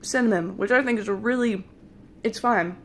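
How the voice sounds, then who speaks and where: A woman's voice: medium pitch, moderate pace, a little hiss or hum. A young woman casually telling a long, rambling dream story, mimicking people's voices as she goes, snacking between lines. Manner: rambling, playful, quotes people in put-on voices; eating jelly beans while talking. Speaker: vlogger.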